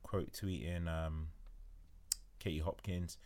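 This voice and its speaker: A man's voice: deep voice, fairly even intonation, takes it slowly, a little mellow. A man chatting as a guest in a casual discussion, speaking in a subdued, hesitant way.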